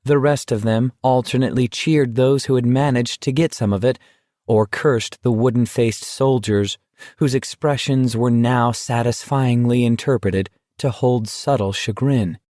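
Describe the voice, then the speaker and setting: Male audiobook narrator, mid-pitched, steady, close dry mic. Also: measured pace, dry recording. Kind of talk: scripted narration.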